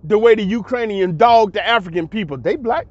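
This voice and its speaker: Man, casual monologue, blunt and profane, fairly high voice, dull lo-fi sound. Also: fairly quick, dry recording. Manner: emphatic, repetitive, blunt and profane. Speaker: commentator. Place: abroad.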